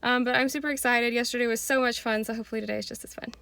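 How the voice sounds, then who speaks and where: A woman's voice: fairly high pitch, steady tone, very fast, creaky, a bit bright, a little hiss or hum. A young woman chatting casually to camera in a vlog, bubbly and gushing, with lots of fillers. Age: young adult. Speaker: vlogger.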